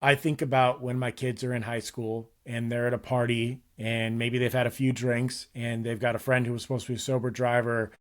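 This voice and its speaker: A man's voice: mid-range voice, level tone, fairly quick, few pauses. A man in his thirties, a guest on a casual podcast, talking candidly and earnestly about parenting in a loose, rambling way with frequent restarts.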